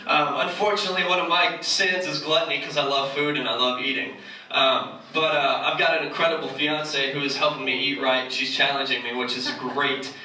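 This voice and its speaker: A man's voice: medium pitch, fairly even intonation, a little fast, bright, forceful tone. A man, giving a casual, joking sermon in a church. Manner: joking, conversational, self-mocking. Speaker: church speaker. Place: church hall. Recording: echoey hall from far off.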